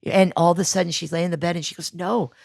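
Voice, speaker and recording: A woman's voice: lowish voice, fairly even intonation, very fast, vocal fry, a little mellow, no echo, clean studio sound. A woman guest on a podcast, retelling a TV show with energy and acting out the characters' lines in a casual chat.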